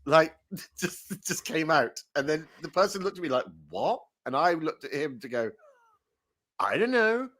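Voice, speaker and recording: A man's voice: fairly high pitch, moderate pace, fairly bright tone. A man hosting a comedy show, chatting casually, giggling often and slipping into silly put-on voices.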